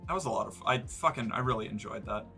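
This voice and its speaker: A man's voice: fairly low pitch, fast talker, sharp tone, soft background music. A man streaming live, chatting casually and rambling, often restarting and swearing. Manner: rambling, self-interrupting, swears.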